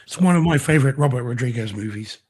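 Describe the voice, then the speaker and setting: A man co-hosting a casual home theater chat show, his voice going hoarse, talking with enthusiasm about films and discs. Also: medium pitch, animated, quick pace, darkish tone. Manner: enthusiastic, effusive. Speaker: co-host.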